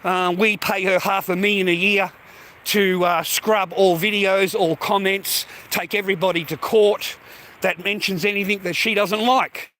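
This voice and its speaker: Australian man, live streamer, rambling profane rant, high-pitched, sharp tense tone. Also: fairly even intonation, unhurried. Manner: profane, repetitive, addresses viewers as mate.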